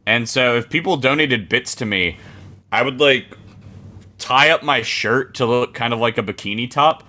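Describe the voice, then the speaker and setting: A man's voice: medium pitch, moderate pace, pushed and bright. A young man co-hosting a podcast, rambling through a self-mocking story in casual chat. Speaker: podcast co-host.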